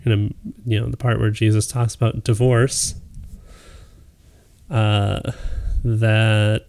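A woman's voice: rumbling low, flat delivery, slow pace, creaky, a little mellow. A woman co-hosting a faith podcast, easygoing and encouraging as she steers the talk. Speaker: podcast co-host. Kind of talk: casual chat.

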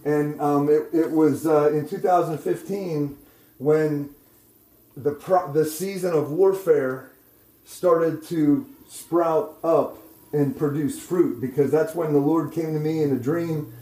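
A male preacher with a fairly high, mellow, warm voice tells a sermon testimony in an echoey room. He keeps checking in with "okay?" and "right?", and his voice rises loud and excited as the story builds. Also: slow. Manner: grows loud and excited while retelling.

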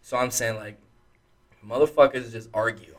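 A young man chatting casually on a podcast with a middle-pitched voice. He talks in a loose, profane way, full of "dude" and "like." He sounds easygoing and unpolished. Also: steady tone, normal speed. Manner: laid-back, profane, fond of "dude" and filler "like". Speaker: podcast co-host. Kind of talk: casual chat.

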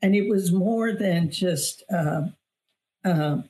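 A middle-aged woman with a lowish, dark voice speaks slowly as a guest on an interview show. She's an author and weight loss coach sharing a personal testimony, earnest and emphatic, often repeating phrases for weight.

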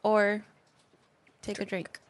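A woman's voice: medium pitch, completely flat delivery, takes it slowly, no echo. Playful woman co-host, dry sound. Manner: playful, reads out dares. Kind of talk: casual party-game chat.

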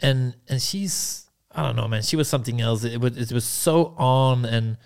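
A young man sits in as a podcast guest and spins a long story in relaxed, offhand chat. He curses freely and slips into other people's lines as he quotes them. His voice is smooth and clean, at an ordinary middle pitch. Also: moderate pace. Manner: laid-back, swears freely, acts out quotes.

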